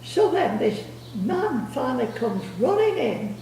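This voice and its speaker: A woman's voice: sits high, big pitch swings, unhurried, warm tone, a little hiss or hum. An older woman telling rambling family stories, repeating words and laughing as she goes. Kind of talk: casual storytelling. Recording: echoey room, distant mic.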